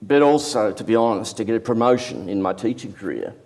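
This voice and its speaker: Lively older man telling stories. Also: on the low side, a little fast, vocal fry. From Australia. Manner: lively, self-deprecating, many restarts. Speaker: artist, interview guest. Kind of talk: anecdotal storytelling.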